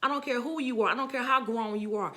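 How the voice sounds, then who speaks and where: A woman's voice: on the high side, fast, pushed and bright. A middle-aged woman casually preaching to viewers as a motivational speaker, earnest and encouraging, often repeating herself for emphasis.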